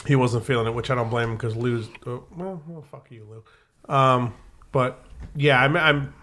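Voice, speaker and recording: A man's voice: mid-range voice, moderate pace, a bit bright, slight background noise. A man hosting a podcast in casual chat, teasing and swearing with friends. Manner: teasing, profane interjections.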